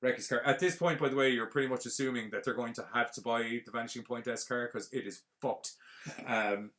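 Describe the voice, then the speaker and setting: A man, hosting a podcast and retelling a film plot in a casual, rambling, animated way full of fillers. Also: medium pitch, a little fast. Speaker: podcast host.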